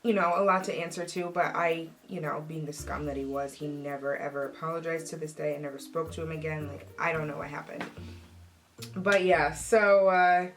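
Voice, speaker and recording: Lively young woman telling a story. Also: deep voice, normal speed. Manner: animated, acts out quoted voices. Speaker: vlogger. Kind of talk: casual storytime.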